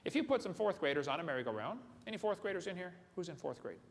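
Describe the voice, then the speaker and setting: Joking in a folksy way, this male seminar speaker lectures a live audience in a big hall and frequently asks them questions. He talks at a quick pace in a high, sing-song voice with vocal fry. The hall echoes, and faint room noise sits in the background.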